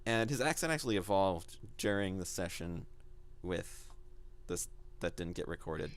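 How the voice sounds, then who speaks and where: A man's voice: on the low side, gravelly, a little hiss or hum. A man co-hosting a podcast, chatting casually about running tabletop games, rambling and quoting his own thoughts aloud. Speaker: game master, podcast co-host.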